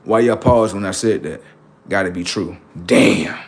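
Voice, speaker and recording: A man's voice: sits low, moderate pace, loud music behind the voice. A young man live-streaming, doing brash, profane, mocking banter with his chat. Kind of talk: casual live-stream commentary.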